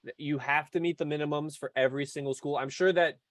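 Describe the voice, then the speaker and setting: A man's voice: on the high side, fairly even intonation, fast talker, dry recording. A man hosting a podcast who chats casually and asks loose, friendly questions. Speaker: podcast host. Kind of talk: casual interview.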